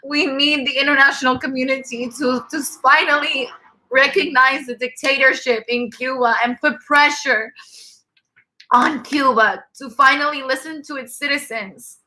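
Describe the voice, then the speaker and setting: A woman talks on a live stream in an earnest, emotional way, her voice high and bright. She has been crying, and she often repeats and restarts her words. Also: fairly even intonation, normal speed, rough recording. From Cuban-American. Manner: earnest, tearful, repeats herself. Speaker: livestream host.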